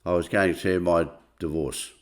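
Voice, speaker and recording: A man's voice: deep voice, fairly even intonation, a little slow. A middle-aged man casually telling a rambling personal anecdote, full of "I said, he said.". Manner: rambling, chatty retelling full of "I said, he said". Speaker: storyteller.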